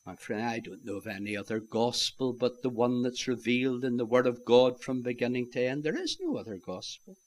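Preaching a sermon, a man calls his listeners "my friends" and swings between loud declarations and hushed, almost whispered lines. His medium-pitched voice is animated and a little fast, with few pauses.

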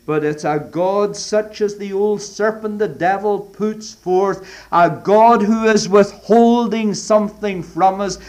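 Slow, dramatic preacher man. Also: high voice. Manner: dramatic swings from loud to whispered; old-fashioned scriptural phrasing. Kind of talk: sermon.

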